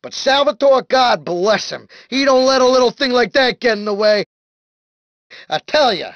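A jittery, sleazy mobster wannabe from a crime video game. He rambles and whines in a gravelly, fry-edged voice. His pitch leaps all over the place as he frets and schemes. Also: lively intonation, fairly bright tone, dry recording, lo-fi sound, heavily acted. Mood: excited. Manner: whiny, panicky and fast-rambling. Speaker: game character.

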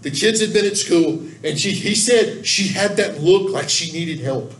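A man's voice: sits high, lively intonation, measured pace. Folksy man trainer in an echoey room. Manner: folksy, earnest, emphatic. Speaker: church volunteer trainer. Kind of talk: training talk with anecdotes. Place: church room. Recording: echoey room, distant mic, faint background noise.

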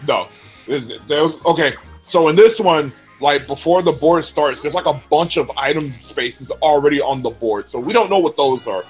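A man's voice: fairly high pitch, moderate pace, soft background music, low-quality recording. A young man casually explaining a board game's rules to friends, laughing and swearing as he talks. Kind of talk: casual gaming chat.

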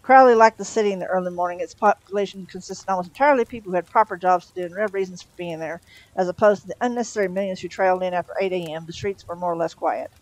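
A woman reading a comic novel aloud, steady, with small slips and restarts. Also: lowish voice, very fast, low-quality recording. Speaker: storyteller.

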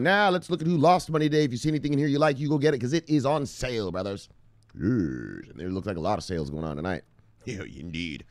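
A man hosting a casual crypto news show, swinging between loud hype and low, muttered anger, calling his viewers brothers. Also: sing-song, quick pace, dry recording. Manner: calls viewers brothers, punchy catchphrases like bang and look look.

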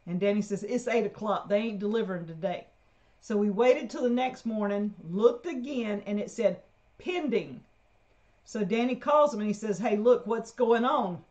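A woman's voice: mid-range voice, normal speed, a little mellow. Female co-host, chatty storyteller, mid-range voice, muffled stream sound. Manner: chatty storyteller who laughs often. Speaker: co-host of a homestead livestream. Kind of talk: casual live chat. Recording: dull lo-fi livestream audio.

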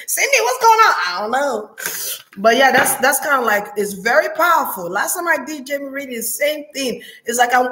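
A woman's voice: on the high side, pushed and bright, echoey room, slight background noise. A woman giving a spiritual reading as a monologue, talking intensely and repeating prayer words like a chant. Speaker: spiritual reader.

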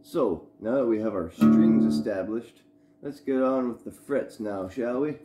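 A man's voice: fairly low pitch, animated, unhurried. A man with a put-on Southern American drawl, teaching guitar in a rambling, self-mocking, casual way.

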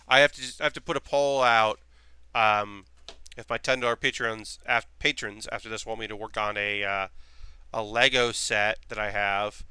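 Bright, crisp-voiced man rambling on stream. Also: fairly low pitch, no room sound. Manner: rambling, thinks aloud with frequent restarts and fillers; drops to a quiet mutter while focused on handiwork. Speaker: live streamer. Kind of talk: casual live-stream chat while working with his hands.

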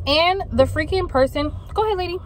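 A woman's voice: extremely high pitch, brisk, slight background noise. A woman vlogging from her car, chatting and ranting casually in slangy everyday talk. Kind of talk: casual vlog chat. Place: in a car while driving.

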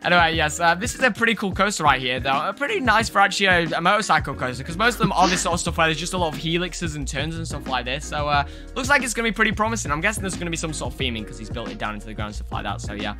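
Giggly high-voiced streamer. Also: male voice, animated, rapid-fire, hardly any pauses, music in the background. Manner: giggly, chatty, laughs often. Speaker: livestream host. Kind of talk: casual livestream commentary.

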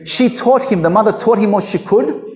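Delivering a sermon at a moderate pace, this pastor speaks in a high voice with a darkish tone. He is forceful, asking the congregation rhetorical question after rhetorical question, and his words echo through the hall.

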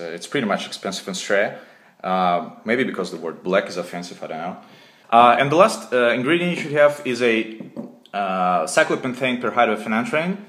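A man with a Russian accent hosting a deadpan comedy recipe video, hesitating often with fillers. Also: lowish voice. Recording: echoey room.

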